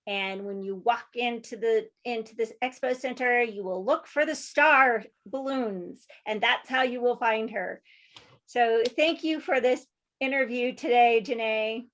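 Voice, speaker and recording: A bubbly woman hosts a casual interview to promote an expo, her voice sitting a touch high. She talks with eager enthusiasm and exclaims readily at what her guest says. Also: a bit bright. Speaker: event host interviewing a vendor.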